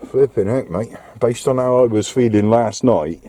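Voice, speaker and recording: A man's voice: medium pitch, normal speed, dark tone. A man with a British accent chatting casually outdoors, muttering to himself and his dog. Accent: British English. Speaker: vlogger. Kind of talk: casual vlog talk.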